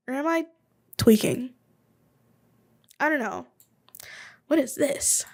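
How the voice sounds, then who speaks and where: Woman, 20s, solo podcast host, casual rambling chat, thinks aloud, a bit high-pitched. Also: animated, slow pace, vocal fry, pauses often. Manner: rambling, chatty, thinks aloud while looking things up.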